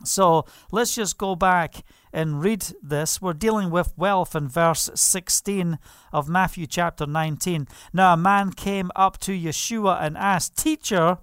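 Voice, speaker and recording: A man's voice: high-pitched, unhurried, a bit bright, clear, resonant tone, no echo, studio quality. A man preaching a sermon, fervent, asking the listeners questions and laughing now and then. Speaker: pastor.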